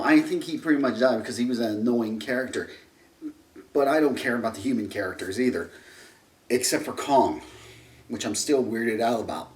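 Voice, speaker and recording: A male movie reviewer rants his way through a film review, rambling, restarting sentences, and slipping into sarcasm. His voice is medium-pitched and a little mellow, captured on a distant mic with roomy echo.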